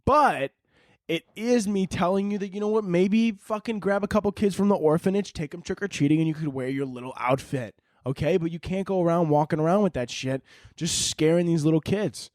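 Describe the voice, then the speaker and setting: A man's voice: high voice, brisk, dry recording, clean studio sound. A young man hosting a podcast, ranting in a rambling, profane, jokey way. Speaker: podcast host. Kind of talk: casual comedic podcast monologue.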